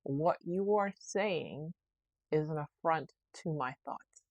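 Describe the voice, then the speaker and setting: Slow and low-voiced, this podcast host muses about her week alone at the mic, wandering off track and fixing her words partway through sentences. The recording is muffled but free of room sound.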